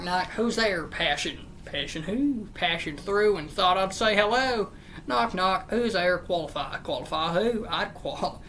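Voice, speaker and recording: A host reading jokes aloud in a flat, deadpan back-and-forth, one after another. They drop tired, sarcastic remarks between the punchlines. The pitch sits in a middling range, with a faint hum underneath. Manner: deadpan question-and-answer joke reading with weary, sarcastic asides. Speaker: channel host. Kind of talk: reading a joke book aloud, casual.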